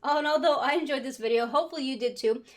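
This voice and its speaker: A woman's voice: high voice, racing, slight background noise. A woman hosting a reaction video, chatting casually about a comedy show. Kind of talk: casual commentary.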